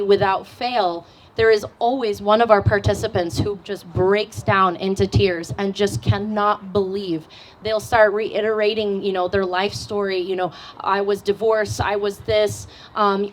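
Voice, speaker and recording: A woman speaking at a live panel in a cafe, earnest and heartfelt with many soft fillers. Her voice sits in a middle register over faint room noise. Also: mid-range voice, poor audio. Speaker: nonprofit outdoor group leader.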